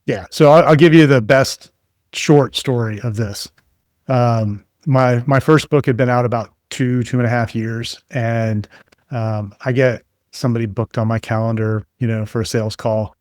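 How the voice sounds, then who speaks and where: A man speaking as a guest in an interview, spinning relaxed stories with plenty of ums and uhs. His voice sits at an ordinary middle pitch. The sound is dry and close, with no room around it. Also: normal speed, no room sound. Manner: relaxed anecdotal storyteller with frequent fillers. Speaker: guest expert. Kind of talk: conversational storytelling interview.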